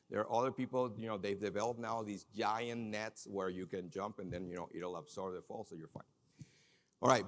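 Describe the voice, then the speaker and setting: Guy giving a conference talk, middle pitch, keeps asking the crowd stuff, big hall echo. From Minnesota. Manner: lively, questions the audience directly. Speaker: conference speaker. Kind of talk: conference presentation. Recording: long hall reverb.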